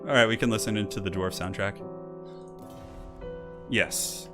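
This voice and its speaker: Low-ish and unhurried, this man's voice carries casual live commentary for a game tournament stream he hosts and casts. He chats, rambles, and laughs often while faint classical music plays behind him.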